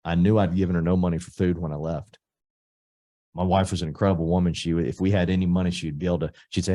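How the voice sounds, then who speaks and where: A middle-aged man from Texas, giving an emphatic motivational recruiting speech that swings between loud punches and soft asides. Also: deep voice, steady tone, fast talker. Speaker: real estate company leader.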